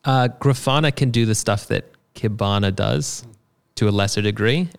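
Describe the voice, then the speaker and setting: A man talking casually about software tools, explaining with fillers and swearing offhandedly. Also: lowish voice, moderate pace, creaky, clear, resonant tone. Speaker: software developer. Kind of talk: casual chat.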